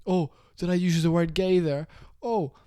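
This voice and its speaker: A man's voice: high-pitched, fairly even intonation, moderate pace, dark tone, clean tone, no room sound, studio quality. A young man in an angry, profane rant to camera about a fighter. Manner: heated, profane, repetitive. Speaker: MMA commentator.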